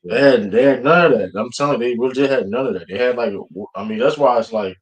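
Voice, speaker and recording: A man talking sports casually in slangy, halting speech. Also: medium pitch.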